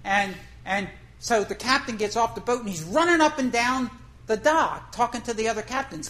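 A woman's voice: fairly high pitch, expressive, moderate pace, fairly bright tone, rough recording. A woman preacher telling a fishing story in a folksy, conversational way, asking the congregation questions. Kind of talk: storytelling sermon.

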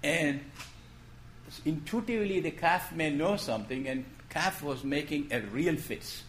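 A man preaching a sermon in a gentle storytelling way, posing questions and then dropping his voice to make a point. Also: fairly high pitch, a little slow, a little hiss or hum. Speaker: pastor.

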